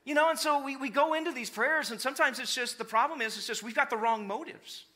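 A man's voice: very high-pitched, quick pace. A man preaching a sermon in a church, acting out voices to make his points with humor. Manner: animated, acts out voices of people for humor. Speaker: pastor.

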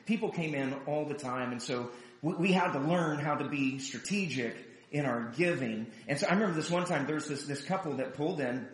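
A man preaching a sermon, telling a story in a chatty, animated way and acting out the people in it. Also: medium pitch. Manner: animated, chatty storyteller who acts out quotes. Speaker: pastor. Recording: roomy echo.

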